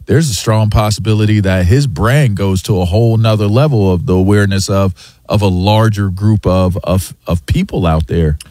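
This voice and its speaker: A man's voice: on the low side, normal speed, dark tone, dry recording. A man co-hosting a sports talk show, speaking emphatically in long run-on thoughts about football. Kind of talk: casual sports radio chat.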